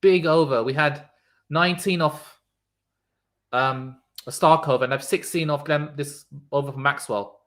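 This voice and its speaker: A man giving casual live cricket commentary on a stream, reacting loudly to the play and chatting with viewers in the chat. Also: on the high side, fairly even intonation, a little slow.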